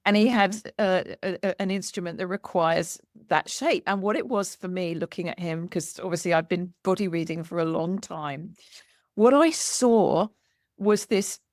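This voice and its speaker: A woman hosting a conversation, telling a lively anecdote and acting out the dialogue as she goes. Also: on the low side, no room sound, clean studio sound. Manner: animated, acts out quoted dialogue with laughter. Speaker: podcast host. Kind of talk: storytelling in conversation.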